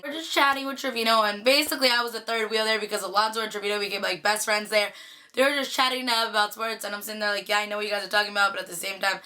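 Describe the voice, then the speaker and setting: A young woman from the Bay Area telling a casual storytime vlog, chatty and animated, full of "like" fillers. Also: medium pitch. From Bay Area, California. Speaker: vlogger.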